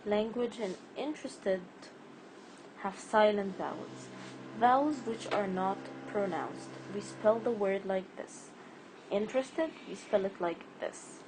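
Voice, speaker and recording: A woman's voice: mid-range voice, slow, background noise. A woman teaching a spelling and pronunciation lesson, patiently repeating words and stretching the stressed syllables.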